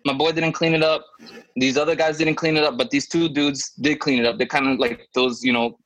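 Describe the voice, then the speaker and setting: A podcast co-host, a man in his thirties, tells a story in a casual, lively manner and jumps into high voices whenever he quotes someone. He talks briskly, and the recording is low in quality with no echo.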